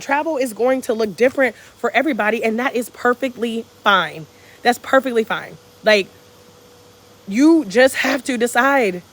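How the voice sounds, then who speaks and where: An American woman on a live stream, giving an energetic, profane pep talk and reading viewer comments aloud from a hotel room. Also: on the high side. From United States. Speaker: travel vlogger. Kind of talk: live-stream motivational chat.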